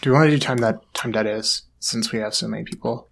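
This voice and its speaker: A man's voice: fairly low pitch, fast talker, gravelly. A man in a casual podcast chat who is easygoing and makes wry remarks. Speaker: podcast co-host.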